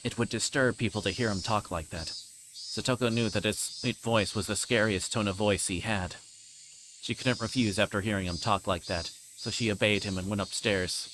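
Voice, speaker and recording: A man's voice: fairly low pitch, moderate pace, noisy background. Man reading a story aloud. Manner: plain, steady reading with casual asides. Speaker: streamer reading a visual novel.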